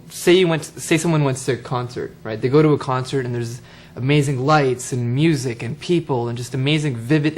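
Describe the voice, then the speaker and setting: A man in a casual spiritual talk, thoughtful and explaining with everyday examples. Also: mid-range voice. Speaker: co-speaker on spirituality.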